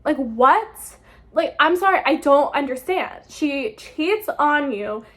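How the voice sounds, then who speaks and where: A woman's voice: high-pitched, animated, takes it slowly, fairly bright tone. A woman in her twenties, a book vlogger, ranting in a casual, exasperated review and swearing freely.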